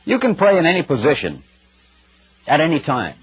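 This broadcast sermon features a male preacher with a slightly high, husky voice and huge swings in pitch. He talks in a plain-spoken, emphatic, conversational way at a moderate pace, over dull, lo-fi audio with faint music beneath.

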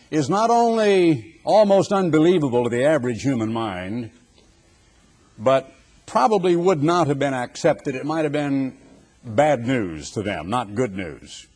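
Husky-voiced man preaching a forceful sermon. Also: mid-range voice, animated, a little slow. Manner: forceful, dramatic preaching with sweeping rhetorical lists.

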